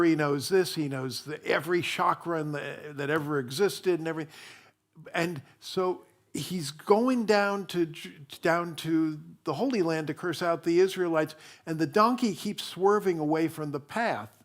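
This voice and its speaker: A minister giving a sermon in a chatty storytelling way, full of fillers and restarts. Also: male voice, on the high side.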